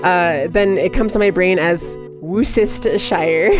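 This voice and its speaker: A woman's voice: on the low side, animated, takes it slowly, music in the background. A woman live streaming who chats casually and reads chat aloud, giggly and playful with frequent laughter.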